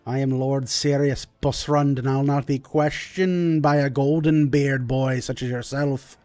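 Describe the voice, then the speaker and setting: A man's voice: fairly even intonation, unhurried, warm tone, no echo, close to an everyday voice. A man voicing a proud, commanding middle-aged male dwarf lord who speaks grandly in a tabletop game. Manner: pompous, booming and grand.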